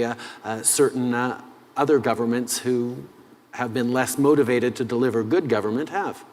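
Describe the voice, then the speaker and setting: A man gives measured interview answers, stopping often on "uh" as he builds his points. His voice sits in a middle pitch. The sound carries a long reverb, as if in a large hall. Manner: measured, with frequent "uh" pauses. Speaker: head of government being interviewed.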